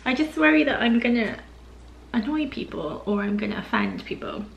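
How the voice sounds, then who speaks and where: A woman's voice: a little high, expressive, moderate pace, creaky, lo-fi sound, a little hiss or hum. A young woman chatting casually at home on her sofa, rambling and giggling through a haul vlog. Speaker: lifestyle vlogger. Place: home living room, on the sofa.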